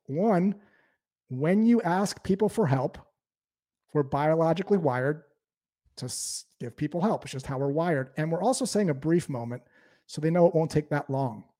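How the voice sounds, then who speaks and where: A man teaching cold-call technique in an energetic, explanatory way. His voice is mellow and sits a bit above the usual male pitch, and he moves between explanation and quick demonstrations. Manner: explanatory, lively coaching. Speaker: sales trainer. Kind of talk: instructional talk.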